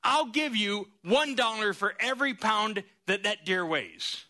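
A man doing a loud blunt hunting dad. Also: high voice, expressive, a little slow, heavily acted. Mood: promising.

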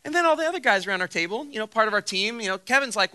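A man's voice: sits high, animated, racing, pushed and bright, clean tone. A man preaching a sermon as pastor, telling a funny personal story with acted-out quotes before turning to scripture. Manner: storytelling with acted quotes and self-deprecating humor.

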